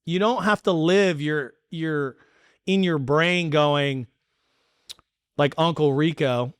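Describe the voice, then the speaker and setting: A man hosting a podcast, telling a story in a casual chat and acting out the quotes with lively energy. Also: fairly high pitch, extremely slow, long pauses, smooth, no echo, clean studio sound. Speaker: podcast host.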